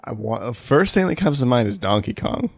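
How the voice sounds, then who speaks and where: A man's voice: mid-range voice, very animated, normal speed, creaky, no room sound. Hesitant male co-host, dry sound. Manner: hesitant, thinks aloud with many fillers. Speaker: podcast co-host. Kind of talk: casual podcast chat.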